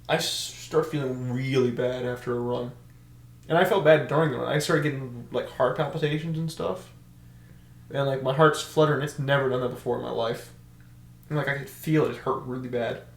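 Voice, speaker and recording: A young man on a podcast telling stories in casual chat, animated and laughing often, acting out shouted orders. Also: medium pitch, moderate pace, pauses often. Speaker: podcast co-host. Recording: echoey room.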